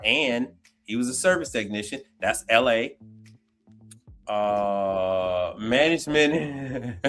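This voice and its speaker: A man hosting a casual livestream, animated and slangy, laughing often as he reacts to comments. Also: medium pitch. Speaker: livestream host.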